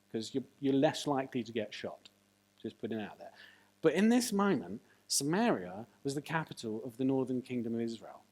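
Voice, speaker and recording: A preacher giving a sermon, animated and full of jokey asides and rhetorical questions. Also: mid-range voice.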